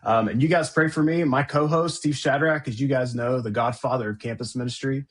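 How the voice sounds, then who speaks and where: Upbeat male podcast host, husky edge, casual and chatty. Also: mid-range voice, brisk. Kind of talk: casual interview hosting.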